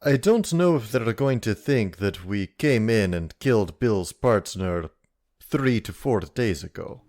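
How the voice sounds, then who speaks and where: A man's voice: fairly low pitch, expressive, a little slow, a little mellow. A man playing a wary male adventurer who speaks bluntly and matter-of-factly. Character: wary male adventurer holding a rotten limb.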